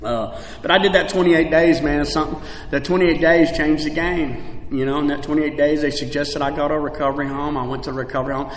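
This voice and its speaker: A man sharing his recovery story at a convention, swinging between shouting and quiet, broken confession, with many "man" and "like" fillers. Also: on the high side, fairly even intonation, brisk, a little hiss or hum. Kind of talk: recovery meeting share. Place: large convention hall. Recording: echoey convention hall with long reverb.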